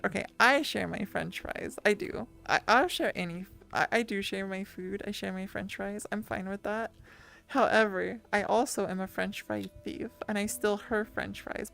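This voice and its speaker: A woman's voice: medium pitch, creaky, a bit bright. A woman streamer chatting casually and rambling with her viewers, full of restarts and little laughs. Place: lying down at home.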